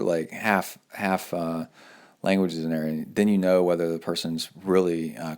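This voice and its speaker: A middle-aged man hosting a casual solo podcast, rambling with many fillers and restarts, and acting out quotes in a raised voice. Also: low-pitched. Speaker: podcast host and coach.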